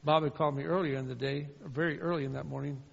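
Guy preaching, kinda high gravelly voice, gets loud then quiet, echoey hall. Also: steady tone, fast. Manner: swings from loud fervent calls to quiet storytelling. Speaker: pastor. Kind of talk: sermon. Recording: dull sound with long hall reverb.

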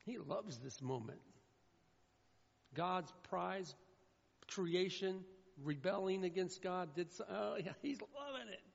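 High-voiced man preaching in an echoey hall. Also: lively intonation, takes it slowly, gravelly, pauses often, husky. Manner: emphatic preaching with swings from loud to hushed. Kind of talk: sermon. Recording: echoey hall with dull sound.

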